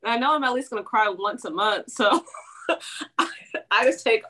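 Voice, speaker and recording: A woman with a higher, bright, forceful voice chats on a podcast. She is blunt and emphatic, dropping casual swears. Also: expressive, normal speed. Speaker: podcast co-host. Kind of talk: casual chat.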